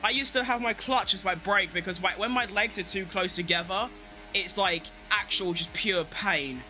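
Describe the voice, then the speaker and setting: A young man giving excitable live commentary on his racing game, talking to himself and swearing at rivals and his car. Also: high voice, normal speed, soft background music. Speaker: game streamer.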